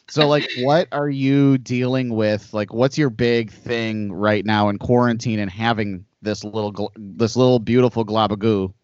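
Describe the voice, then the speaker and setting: A man's voice: on the low side, measured pace, dry recording. Male podcast host, casual rambling talker, dry lo-fi recording. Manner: rambling storyteller, animated asides. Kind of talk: casual chat.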